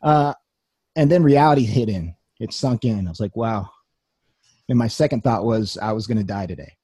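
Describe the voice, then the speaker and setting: Earnest man telling his story, mellow husky voice. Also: on the low side, moderate pace, no echo, clean studio sound. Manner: earnest storytelling with wry humor. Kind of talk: personal testimony talk.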